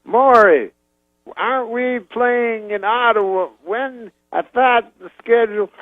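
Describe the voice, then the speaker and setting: A man puts on an older male comedian, voice lifted high and slowed into grand, clipped half-sentences. The exclamations stretch out like a showman working a crowd. The recording is dull and lo-fi, with a dry, close sound. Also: no room sound. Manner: speaks in broken fragments, drawn-out exclamations.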